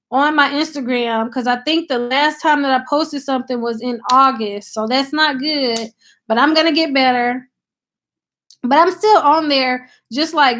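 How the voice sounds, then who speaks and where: Southern country gal chatting on a livestream into her laptop mic, high voice, takes her time. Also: a bit bright. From Tennessee, US South. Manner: chatty, thanks viewers by name, many fillers. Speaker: channel host on a live stream. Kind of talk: casual live-stream chat.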